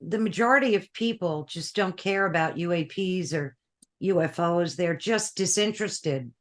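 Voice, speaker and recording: A woman's voice: lowish voice, normal speed. A woman hosting an interview, asking short questions and agreeing with her guest. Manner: brief affirming interjections and questions. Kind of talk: conversational interview.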